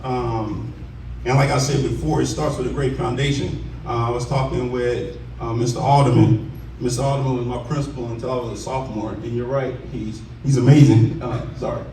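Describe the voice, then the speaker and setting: A man in his forties gives an unscripted acceptance speech in a school cafeteria, emotional and halting, circling back over his words. The sound is roomy and heard from some distance, with a faint hiss underneath. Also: medium pitch, level tone. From Commerce, Texas. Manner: heartfelt, halting, many restarts. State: emotional, voice choking up. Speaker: honoree giving an acceptance speech.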